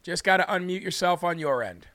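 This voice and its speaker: A man hosts a casual call-in show, folksy and affectionate, handing out blessings as he signs callers off. His voice is bright and forceful, a little high for a man, and very crisp. The sound is dry and close. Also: animated, brisk, no echo. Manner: folksy, affectionate, religious sign-offs. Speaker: show host taking callers.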